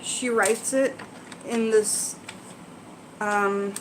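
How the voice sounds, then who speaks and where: A woman's voice: mid-range voice, fairly even intonation, extremely slow, a little hiss or hum, rough recording. Chatty woman host explaining herbs. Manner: chatty and rambling, with frequent ums and asides to viewers. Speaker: herbalism channel host. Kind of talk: casual live Q&A, reading aloud and explaining.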